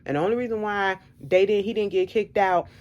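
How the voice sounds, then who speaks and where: A woman vlogger telling a story in casual chat, animated and emphatic, repeating her points bluntly. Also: mid-range voice, brisk, dull audio.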